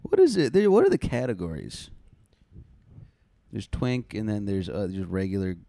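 A man's voice: on the low side, huge pitch swings, moderate pace, creaky, dark tone, no echo. A man co-hosting a podcast, riffing on crude jokes and laughing often. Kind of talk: crude casual banter.

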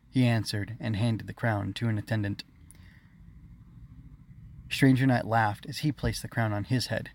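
A man narrating his own children's story in a measured, expressive reading. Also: fairly low pitch, a little hiss or hum.

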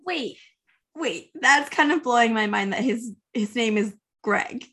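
A woman's voice: fairly high pitch, unhurried, bright, forceful tone. A woman co-hosting a podcast in casual chat, reacting in a giggly, playful way. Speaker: podcast co-host.

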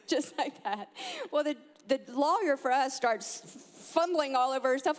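A mother telling a family story, animated and acting out the quotes with big jumps in pitch. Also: a little slow. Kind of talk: personal storytelling. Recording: long hall reverb.

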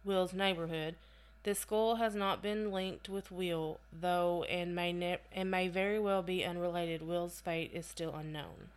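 A woman's voice: fairly low pitch, steady tone, unhurried, clean tone. Woman reading out case notes on a chill podcast, keeps going off on little side comments. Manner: reads case notes aloud with chatty asides and laughs. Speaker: podcast co-host. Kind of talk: casual true-crime podcast reading.

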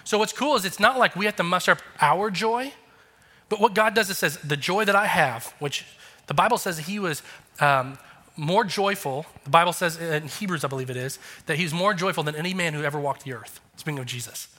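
Bright-voiced preaching man, reverberant hall. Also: on the high side, a little fast. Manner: earnest, conversational, emphatic preaching. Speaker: pastor. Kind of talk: sermon.

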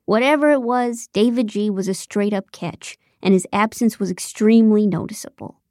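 A woman's voice: mid-range voice, moderate pace, no room sound. Wry woman narrating a comic audiobook. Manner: wry, deadpan, sarcastic. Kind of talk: first-person comic narration.

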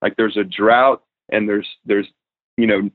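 Earnest thirties male guest minister, low register, heard through a thin phone-like line. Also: unhurried. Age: 30s. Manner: earnest, animated storytelling with many fillers. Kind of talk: podcast interview, spoken prayer. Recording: tinny phone-like remote line.

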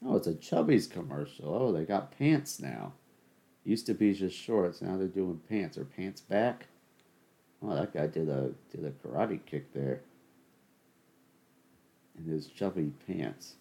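A man from the suburban Southern US hosts a solo podcast, delivering sarcastic rants and joking play-by-play over a game broadcast. His low, mellow voice is creaky yet animated, and he speaks slowly with long pauses.

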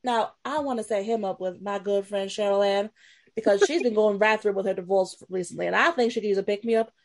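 A woman's voice: medium pitch, a little fast, pitched below the performer's own voice, lightly acted. A woman voicing a gossipy Southern Belle churchwoman who plays matchmaker, in a sugary, nosy drawl.

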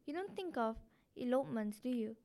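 A woman's voice: on the high side, animated, a little fast, warm tone. A woman reading aloud as a sensible young wife and mother who answers politely and protests firmly. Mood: protesting.

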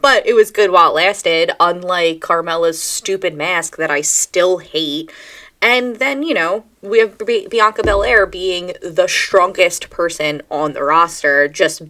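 A woman co-hosting a wrestling podcast, recapping the show in a blunt, animated, casual chat with occasional swearing. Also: lowish voice, a little slow.

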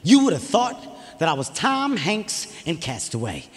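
High-voiced animated stand-up comedian man. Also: unhurried, big-room sound. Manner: animated, shouting, profane, acts out other characters. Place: stage before a live audience.

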